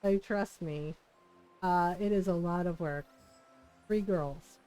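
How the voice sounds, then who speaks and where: A woman's voice: fairly low pitch, takes it slowly, warm tone, faint music behind, low-quality recording. A middle-aged woman streaming a game, telling family stories in a chatty way, laughing often and swearing freely. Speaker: live streamer. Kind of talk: casual chat while gaming.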